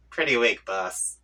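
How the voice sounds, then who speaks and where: A man puts on a haughty young troll girl from a webcomic, smug and taunting. The voice swings up and down with lively pitch and has a bright, husky edge. It sounds a little off-mic. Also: distant mic, exaggerated voice.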